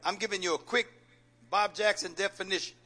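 A man's voice: sits high, fairly even intonation, brisk, bright, forceful tone. A man preaching a sermon as pastor, calling out questions for the congregation to answer and repeating phrases with folksy jokes.

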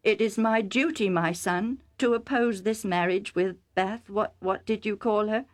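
A woman reading a story aloud voices a solemn, nearly blind old father who speaks gravely and sternly. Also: mid-range voice, a little slow, pitched above the performer's own voice, natural voice.

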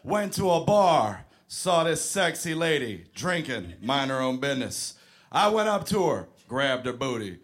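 A man playing a brash, crude male club comic who shouts a sing-song catchphrase on stage. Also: mid-range voice, big pitch swings, unhurried, pitched below the performer's own voice. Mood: shouting, crude. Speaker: stand-up comedian. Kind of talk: stand-up set.

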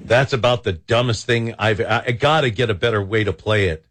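A man's voice: lowish voice, a little fast, a bit bright. A man hosting a talk radio show, rambling and exasperated, with many false starts. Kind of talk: casual talk radio commentary.

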